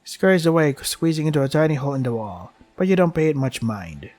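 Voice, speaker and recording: Quick and animated, a man plays through a visual novel for a let's play, reading the text out and murmuring dry sarcasm between lines. He often sighs, and those asides come out soft and low.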